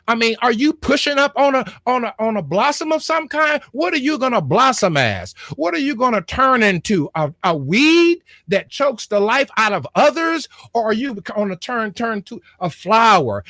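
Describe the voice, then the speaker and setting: A middle-aged man with a high voice preaches to his online flock in a call-and-response style. He repeats words, restarts his lines and urges listeners to talk back. The sound is dry, with no room around it. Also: a bit bright, no echo. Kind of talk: motivational sermon to camera.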